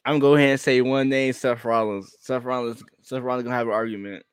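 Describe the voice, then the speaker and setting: A laid-back man co-hosting a podcast in relaxed casual chat, laughing easily. His voice sits at a middling pitch, recorded dry and close with little room sound. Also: quick pace, clear, resonant tone, no echo. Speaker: podcast co-host.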